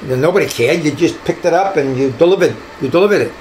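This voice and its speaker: An older man tells stories from his years as a detective, slipping into the voices of the people he quotes. His voice sits a little high for a man. A faint hiss runs under the talk. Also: quick pace, poor audio. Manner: animated, acts out quoted voices. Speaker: retired detective guest. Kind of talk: storytelling in an interview.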